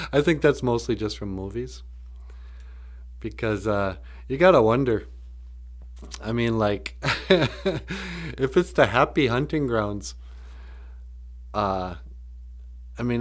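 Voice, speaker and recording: A man teaching a language on a livestream in a casual, joking way, laughing often. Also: mid-range voice.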